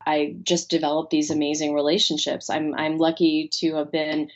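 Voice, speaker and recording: Animated woman coach, lo-fi sound. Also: low-pitched, moderate pace. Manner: animated storyteller, acts out quoted voices. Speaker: guest, life coach and author. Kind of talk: podcast interview.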